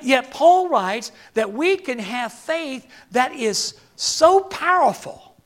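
An older man preaching a sermon, halting and repeating words, then building to emphatic peaks. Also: extremely high pitch.

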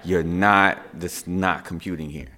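A man quoting his wife in his own low voice, sounding skeptical and questioning. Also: steady tone, unhurried, bright, forceful tone.

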